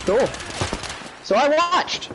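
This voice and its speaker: Animated man telling a story over gunfire. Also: very high-pitched, slow. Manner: animated storyteller, acts out quoted voices. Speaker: livestream co-host. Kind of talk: casual storytelling chat. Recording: noisy gameplay audio behind. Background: gunfire from a video game.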